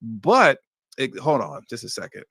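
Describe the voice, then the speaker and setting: A man hosting a livestream, reacting to news clips with animated, indignant commentary that slips into slang. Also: medium pitch, measured pace, vocal fry, breathy edge, dry recording, studio quality. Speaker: livestream host.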